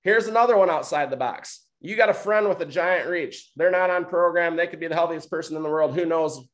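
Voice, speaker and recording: Delivering a motivational talk, a man from Michigan who coaches other coaches speaks briskly in a slightly bright voice on the high side. He hammers his points emphatically, repeats them, and checks in constantly with "right?" and "okay?".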